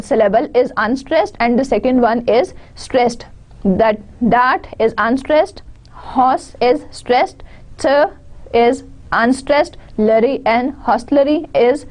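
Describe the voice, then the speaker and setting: A woman's voice: on the high side, darkish tone. A woman with a Pakistani English accent giving an online lecture, explaining step by step and restating her points. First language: Urdu.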